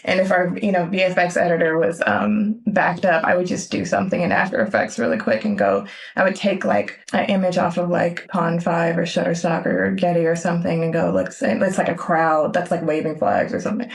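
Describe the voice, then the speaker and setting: A woman's voice: lowish voice, brisk, vocal fry. A woman film editor from Los Angeles, chatting animatedly in an interview, often laughing and acting out what people said. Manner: animated, laughs often, acts out quoted lines. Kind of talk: casual interview chat.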